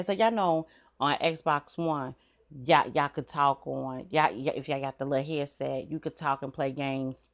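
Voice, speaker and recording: A middle-aged woman, hosting a podcast and telling stories bluntly with frequent swearing and laughs. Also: deep voice. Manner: blunt, swears freely, laughs between points. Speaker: podcast host. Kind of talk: candid storytelling monologue.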